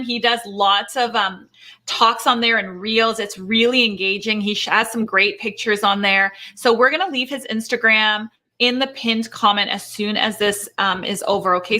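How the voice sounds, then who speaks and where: A woman's voice: on the high side, bright, forceful tone. A woman from Canada hosting a live Q&A, chatty and bubbly, laughing often. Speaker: host. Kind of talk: live Q&A chat.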